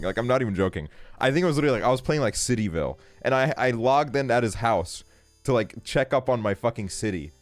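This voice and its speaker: A young man streaming a game, telling a casual story in a rambling way, full of fillers and swearing. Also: lowish voice. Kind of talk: casual storytelling while gaming.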